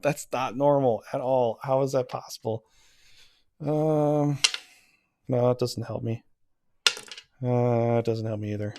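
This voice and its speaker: A man's voice: medium pitch, darkish tone. Flustered, rambling man reading tarot. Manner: rambling, easily flustered, self-deprecating. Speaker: tarot reader. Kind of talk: casual tarot reading video.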